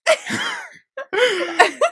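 A young woman with a high voice chats on a casual podcast, loud and quick to laugh. She voices mock outrage and breaks into giggles mid-sentence. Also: huge pitch swings. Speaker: podcast co-host. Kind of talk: casual recap chat.

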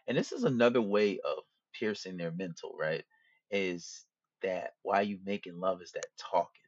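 A man's voice: deep voice, very animated, moderate pace, no room sound. A man hosting a podcast, talking casually about dating in a slangy, profane, loosely rambling way. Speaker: podcast host. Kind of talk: casual monologue, dating advice. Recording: dull lo-fi dry recording.

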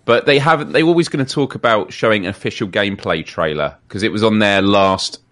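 A man's voice: lowish voice, fast, fairly bright tone. A man co-hosting a live gaming podcast, chatting casually, asking questions and often restarting his sentences. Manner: hesitant, restarts a lot, asks clarifying questions. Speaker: podcast co-host. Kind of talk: casual live-stream chat.

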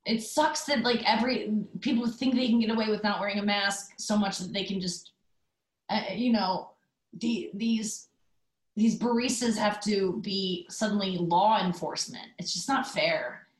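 A woman's voice: medium pitch, echoey room, poor audio. A woman hosting a podcast, telling a rambling story in casual chat with lots of fillers and asides. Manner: chatty storytelling, loose fillers, quick asides. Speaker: podcast host. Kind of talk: casual monologue.

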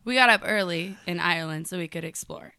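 A young adult woman co-hosting a casual chat show, telling animated, profane stories. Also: fairly low pitch, a little fast, gravelly, clear, resonant tone, dry recording, studio quality. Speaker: podcast co-host.

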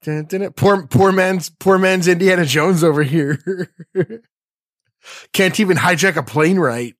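A man's voice: high-pitched, takes it slowly, no echo. A man co-hosting a podcast, casually making joking, dry asides. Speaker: podcast co-host.

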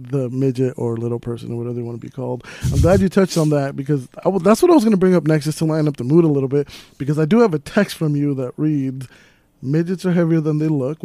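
A man hosts a podcast in an easygoing, joking way. His voice is mellow and a little higher than most men's, and the recording is dry and close. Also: expressive, fast talker, dry recording. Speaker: podcast host. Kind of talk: casual interview chat.

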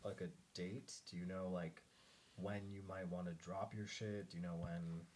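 A man hosting a podcast, asking his guest questions in a relaxed way, with casual swearing. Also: deep voice, normal speed. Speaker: podcast host. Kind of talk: casual chat.

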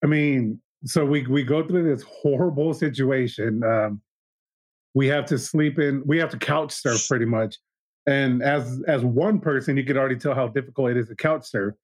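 A man's voice: mid-range voice, moderate pace, no room sound. A man in his thirties, a podcast guest, telling a candid personal story in an earnest, reflective way, often restarting his sentences. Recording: dull lo-fi sound.

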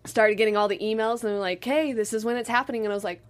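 A woman's voice: on the high side, racing. A young woman dancer, a guest in an interview, telling stories with bubbly energy and acting out quotes. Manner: bubbly, animated storytelling with acted-out quotes. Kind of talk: casual interview.

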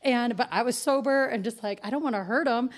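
A woman from the United States co-hosting a podcast, telling a story in an animated way, swearing freely and laughing as she goes. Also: a little high, a little fast. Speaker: podcast co-host. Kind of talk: casual chat, storytelling.

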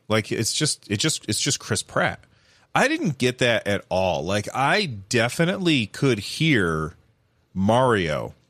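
A man's voice: mid-range voice, dry recording. Rambling man in dry casual commentary. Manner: animated, rambling with many fillers and restarts.

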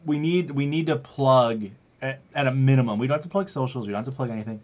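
Brief: rambling, jokey podcast host, dull lo-fi mic. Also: male voice, medium pitch, fast. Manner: rambling, jokey, plugs the show. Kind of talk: casual podcast chat. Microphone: wrong mic picked by the recording software.

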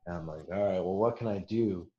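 A man's voice: deep voice, brisk, mellow, highs cut off. Profane, laughing male storyteller, roomy sound. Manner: profane, laughing, acts out quoted voices. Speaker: military veteran storyteller. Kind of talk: casual storytelling.

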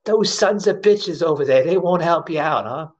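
A woman's voice: low voice, lively intonation, moderate pace, muffled recording, pitched above the performer's own voice. A man voicing a kindly but blunt little old lady of eighty or ninety, fussing over a stranger and scolding passers-by. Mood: indignant concern. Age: older. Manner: blunt, indignant, mothering.

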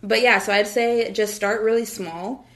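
A woman's voice: mid-range voice, fairly even intonation, moderate pace, a bit bright. A young woman from the United States talking casually about her faith, with lots of fillers and frequent laughs. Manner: chatty, lots of "like" and "literally", laughs often. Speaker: guest.

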